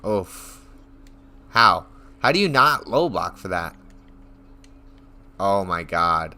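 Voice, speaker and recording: A man streaming a casual reaction rant, telling stories in an excitable, profane, rambling way. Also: low voice, slow. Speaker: online streamer.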